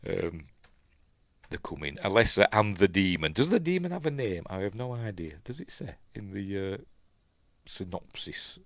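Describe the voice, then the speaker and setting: Yorkshire man, middle-aged, low-pitched and dry-miked, rambling film commentary host. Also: big pitch swings, normal speed, no echo. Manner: rambling, chuckling, full of fillers.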